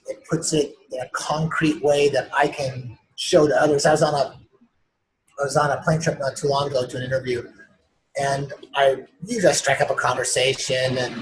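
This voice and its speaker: A man with a mid-range voice, heard through a low-quality recording, is being interviewed as an author in a remote live-streamed conversation. He tells stories with animation and enthusiasm, playing out other people's lines along the way in a casual tone.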